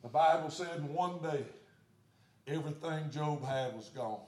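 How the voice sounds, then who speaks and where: Man preaching, high voice, roomy church echo, shouts then hushed. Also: unhurried. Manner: preaching with sweeping swings from shouts to hushed storytelling. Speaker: pastor. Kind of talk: sermon. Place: church sanctuary. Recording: echoey church sanctuary.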